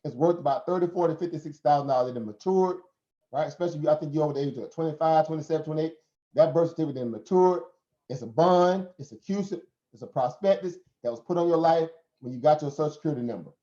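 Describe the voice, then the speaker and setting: On a casual live stream, a host with a Southern American accent speaks quickly in a warm, slightly high voice. He lectures preachily, tosses out rhetorical questions, and laughs often, all in roomy, somewhat dull sound.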